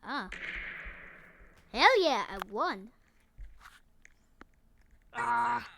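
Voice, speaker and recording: A woman commenting excitedly over her own gameplay, yelping and joking as she plays. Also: a little high, drawn-out words, creaky, noisy background. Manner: excitable, yelps and screams often; playful, jokey asides. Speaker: gaming video host. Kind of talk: let's-play commentary.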